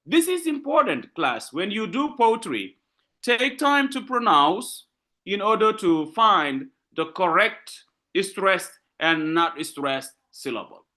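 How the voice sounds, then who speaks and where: Slow, lively male lecturer. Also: high voice. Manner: slow, repetitive teaching with frequent checks like "okay?". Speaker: literature lecturer. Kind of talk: online lecture.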